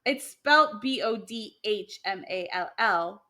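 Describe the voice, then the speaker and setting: A woman talks through old legends in a loose, casual podcast chat, with plenty of ums, restarts and quick laughs. Her voice sits at an ordinary middle pitch. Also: expressive, pushed and bright. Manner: chatty, laughs often, many fillers and restarts. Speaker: podcast co-host sharing myths.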